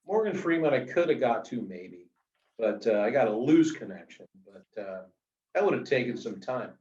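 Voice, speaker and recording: A middle-aged man telling anecdotes in a casual, animated way, full of fillers, as an author being interviewed. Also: mid-range voice, normal speed. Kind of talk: casual storytelling. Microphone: video call. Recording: roomy, distant, dull video call audio.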